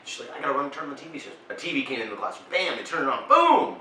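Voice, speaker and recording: Excitable male co-host, quick and bright, far from the mic in a roomy space. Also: mid-range voice, background noise. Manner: excitable, jokey, acts out quotes. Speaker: podcast co-host. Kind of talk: casual comedy chat.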